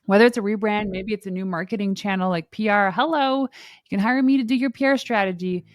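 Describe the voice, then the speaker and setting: A woman hosting a podcast interview in a casual, animated way, laughing easily and using lots of fillers. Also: mid-range voice, fairly quick, dry recording, clean studio sound. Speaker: podcast host.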